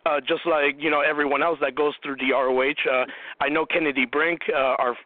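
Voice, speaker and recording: A fairly high-voiced male host asks his questions in a chatty, loose way, padding them with "uh" and "you know". His voice is dry and thin, as if it comes through a phone line. He keeps the exchange casual. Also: level tone, fairly quick, dry recording. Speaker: radio show host. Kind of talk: casual interview.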